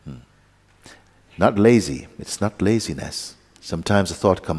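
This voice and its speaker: A man giving a spiritual talk, leading calm guided contemplation with playful asides. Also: sits low, normal speed, husky. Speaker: spiritual teacher. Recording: long hall reverb.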